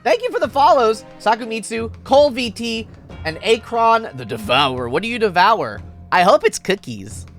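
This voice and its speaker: A woman's voice: on the high side, sing-song, moderate pace, soft background music. A young adult woman streamer chatting playfully with viewers during a casual game stream.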